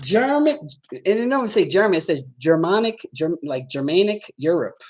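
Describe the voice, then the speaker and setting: A man's voice: high-pitched, big pitch swings, normal speed. A man hosting a livestream and answering viewer comments, swearing a lot and talking straight to his audience in a boastful, streetwise way. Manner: talks straight at viewers, often asking if they follow. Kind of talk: casual livestream chat.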